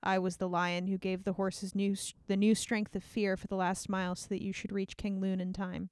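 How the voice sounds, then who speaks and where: A woman's voice: medium pitch, flat delivery, moderate pace, darkish tone, clean tone, no echo. A woman chatting casually about a book with a friend, laughing often and reading passages aloud.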